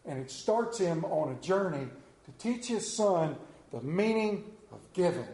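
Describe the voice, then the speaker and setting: A man's voice: on the high side, sing-song, measured pace, mellow. A man telling a story in a folksy, heartfelt way. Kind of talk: retelling a TV episode to an audience. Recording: roomy echo.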